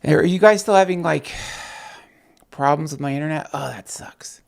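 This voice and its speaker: A man hosting a casual night livestream, rambling, swearing and talking excitedly to his viewers. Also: fairly high pitch, normal speed, vocal fry. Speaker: podcast host on a night livestream.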